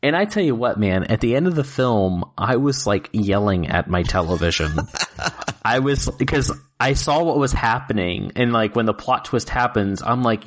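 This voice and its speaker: A man co-hosting a casual podcast, excitable, swearing freely and laughing often. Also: mid-range voice, moderate pace. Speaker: podcast co-host reviewing films. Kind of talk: casual chat.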